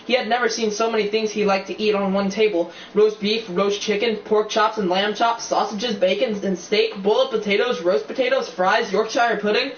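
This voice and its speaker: Speaking at normal speed with hardly any pauses, an amateur audiobook reader with a steady, mid-range voice narrates a novel. He or she occasionally trips up and restarts, adding casual asides. A faint hiss runs under a dull, roomy, distant recording.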